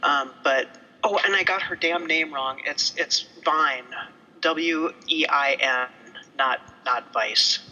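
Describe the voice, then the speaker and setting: A woman's voice: low voice, slow pace, pushed and bright, lo-fi sound. A woman co-hosting a podcast in casual, rambling chat, a bit tipsy and swearing casually. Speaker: podcast co-host.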